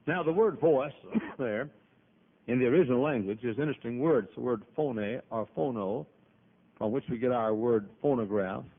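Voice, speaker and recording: Pastor guy preaching, folksy and forceful, coughs a lot, middle-of-the-road pitch, tinny phone-ish sound. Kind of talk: sermon. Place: church auditorium with PA system. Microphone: PA microphone.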